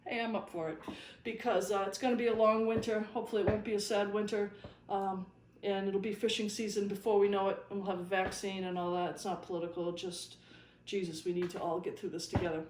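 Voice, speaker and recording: A woman's voice: mid-range voice, little pitch movement, fast talker, darkish tone. Wry, easygoing woman in an echoey room. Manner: easygoing anecdotal telling, wry and chuckling. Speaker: fly-tying video host and former fishing guide. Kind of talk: casual storytelling while tying flies. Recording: echoey room with faint noise.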